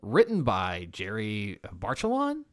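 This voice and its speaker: A man's voice: lowish voice, huge pitch swings, takes it slowly, no room sound, clean studio sound. A man co-hosting a horror podcast, chatting casually, swearing now and then and reading out the episode credits. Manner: laid-back, swears, reads out credits. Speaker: podcast co-host.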